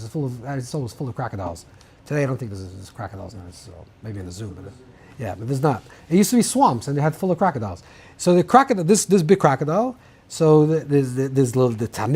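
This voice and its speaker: A man's voice: fairly high pitch, darkish tone, slightly rough. A man teaching a rabbinical class in an informal lecture style, thinking aloud with many restarts and mixing Hebrew terms into English.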